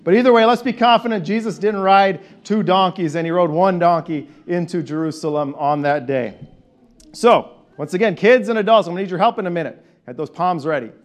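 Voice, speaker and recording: A man preaching a conversational sermon, animated and leading his congregation in call and response. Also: high-pitched, brisk. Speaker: pastor.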